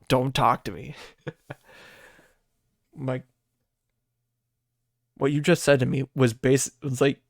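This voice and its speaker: A man's voice: mid-range voice, a little mellow, dry recording, clean studio sound. A man from the Midwest hosting a podcast, rambling casually, swearing freely and laughing at himself. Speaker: podcast host.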